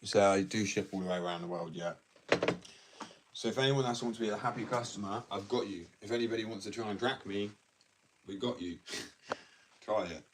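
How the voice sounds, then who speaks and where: A man's voice: lowish voice, moderate pace, long pauses. A young man from England ranting bluntly and ramblingly in a casual livestream, full of slang. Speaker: live streamer. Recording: distant mic with faint background noise.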